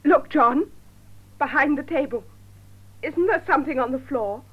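An actress playing an anxious young woman, speaking clearly and slowly for learners, on a dull lo-fi tape. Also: high voice, natural voice. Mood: tense. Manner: clear, slow learner-friendly delivery.

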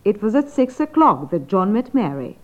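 A woman's voice: mid-range voice, big pitch swings, moderate pace. Polite woman student on tinny tape. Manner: polite, inquisitive. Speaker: student in a lesson. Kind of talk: scripted language lesson. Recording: tinny phone-like old recording.

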